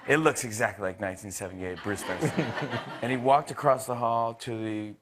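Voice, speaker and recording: This time the thirty-something talk show host is in a noisy setting, his voice lowish as he shares a loose, laughter-filled story. He keeps restarting and throws in quick impressions.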